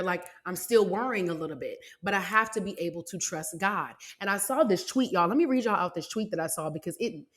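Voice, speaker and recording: A woman in her twenties hosting a podcast, talking earnestly and personally about faith and speaking straight to her listeners. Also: medium pitch. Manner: earnest, conversational, addresses listeners directly. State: close to tears. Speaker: podcast host.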